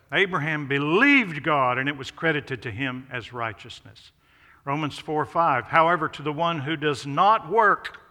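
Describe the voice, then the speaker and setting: A man's voice: a little high, bright, forceful tone. A man preaching an expository sermon, stressing contrasts with rising emphasis. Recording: long hall reverb.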